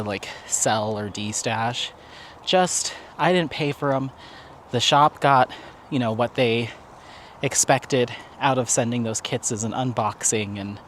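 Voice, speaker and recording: A man's voice: medium pitch, a little hiss or hum. Chatty man on a casual walk. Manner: rambling, chatty, laughs often. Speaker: vlogger. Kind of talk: casual walk-and-talk vlog. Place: outdoors on a walk.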